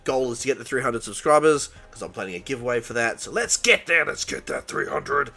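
A young man hosting a gaming channel, excitedly commentating his own gameplay, talking to the characters on screen and laughing along. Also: mid-range voice, fairly quick, creaky. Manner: excitable, yelps and laughs while playing, talks to the game. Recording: game music behind.

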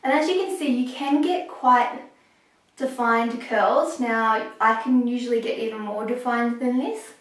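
A young woman talking through a hair tutorial step by step, a little hoarse as she is losing her voice. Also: on the high side, a bit bright, far from the mic. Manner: chatty, explaining step by step with pauses. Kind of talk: casual how-to talk while working. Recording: echoey room, voice off-mic.

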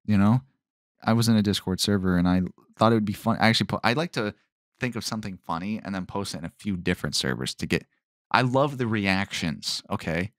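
Low-voiced man rambling on a solo podcast. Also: a little fast, fairly bright tone, no echo. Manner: rambling, self-interrupting, dry sarcastic tone. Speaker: podcast host.

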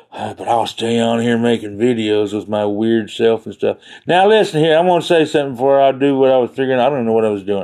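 A man's voice: medium pitch, creaky, darkish tone. A man hosting a livestream from home, chatting in a folksy, joking way and losing his train of thought. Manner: folksy, joking, easily sidetracked. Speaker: livestream host. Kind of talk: rambling live-stream chat.

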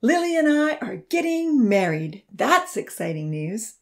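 Lady voicing a jokey young guy in a storybook, low voice. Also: sing-song, a little slow, a little mellow. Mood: proud. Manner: teasing. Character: playful, joking young man.

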